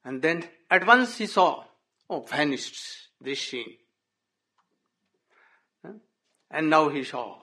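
A man telling a devotional story in halting English, punctuated by frequent "oh" and "hmm?". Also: on the high side, lively intonation, sharp tone. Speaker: religious storyteller.

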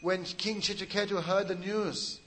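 A man's voice: sits high, steady tone, normal speed, fairly bright tone, low-quality recording. A man preaching a sermon, telling a story with dramatic, emotional delivery and acting out the quotes. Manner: laughs at his own jokes.

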